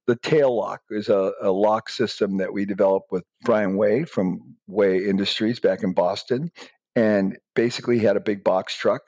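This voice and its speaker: A man's voice: fairly low pitch, fairly even intonation, moderate pace, darkish tone, no echo. A middle-aged man answering interview questions emphatically, giving blunt step-by-step advice. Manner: emphatic, acts out quoted dialogue in raised voices. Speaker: guest entrepreneur.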